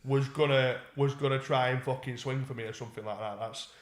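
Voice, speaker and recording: A man's voice: mid-range voice, fairly even intonation, fairly quick. A young man, co-hosting a podcast and telling a story in casual chat, swearing and restarting often. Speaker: podcast co-host. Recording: echoey room.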